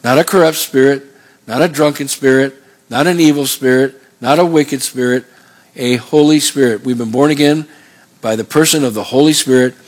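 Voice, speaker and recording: A man's voice: medium pitch, steady tone, normal speed. A man preaching a sermon, going through numbered points and having the congregation fill in words. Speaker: pastor.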